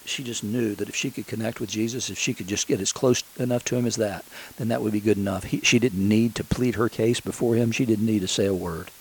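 A man's voice: on the low side, fairly even intonation, quick pace, few pauses, husky, rough recording. A man preaching a sermon as pastor, telling the story conversationally and often restarting his sentences.

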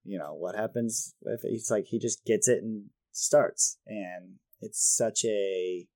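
A man in his thirties co-hosting a podcast, chatting casually and rambling, self-deprecating and quick to laugh. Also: lowish voice, darkish tone, no echo, clean studio sound. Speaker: podcast co-host. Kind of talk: casual chat.

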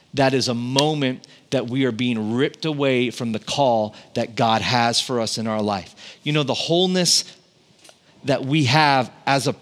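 A man's voice: mid-range voice, a bit bright. A man in his thirties, a pastor, preaching a sermon in a conversational storytelling way, building intensity on key points. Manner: conversational storytelling with impressions of family.

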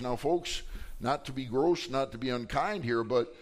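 Guy preaching at church, lively sermon, acts out the bible folks with big swings in voice. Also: mid-range voice, moderate pace. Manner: preaching with dramatic acted quotes. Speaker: pastor. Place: church sanctuary.

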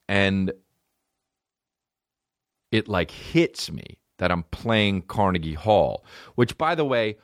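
A male comedian and podcast host telling a profane, animated personal story in casual chat. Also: fairly low pitch, dry recording, studio quality.

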